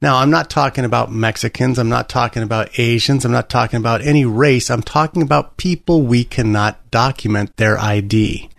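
Male talk-radio host, gravelly, sarcastic and rambling, dry studio sound. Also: mid-range voice, dry recording. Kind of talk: casual political talk radio.

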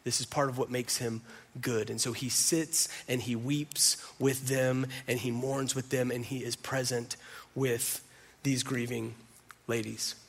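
A man pastor preaching a sermon, earnest and emphatic, who slows to soft, quiet lines at the close. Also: mid-range voice, flat delivery, creaky, breathy edge.

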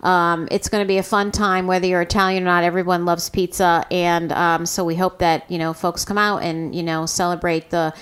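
A low-voiced woman speaks as a radio co-host on a studio microphone. She is bubbly and enthusiastic, rambling a bit with fillers as she talks. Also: little pitch movement, fairly quick, few pauses, fairly bright tone, smooth. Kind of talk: casual radio chat.

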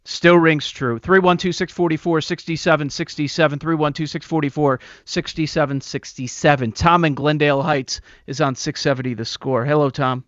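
A man's voice: on the high side, steady tone, moderate pace, hardly any pauses, fairly bright tone, no room sound. A man hosting a sports talk radio show, taking calls and reeling off numbers emphatically. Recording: muffled radio broadcast.

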